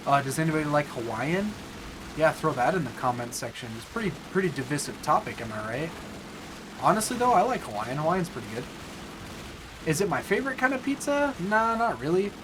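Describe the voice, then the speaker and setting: A man's voice: fairly high pitch, sing-song, brisk, noisy background. A young man hosting a casual let's play, chatting and joking with viewers, with bursts of frustration. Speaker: gaming channel host.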